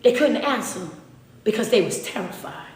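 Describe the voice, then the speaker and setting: Woman, preacher, emphatic, repetitive, colloquial, fairly high voice, echoey room. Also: animated, normal speed, a little mellow, a little hiss or hum. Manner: colloquial Southern US English. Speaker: motivational speaker. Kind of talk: sermon-style preaching.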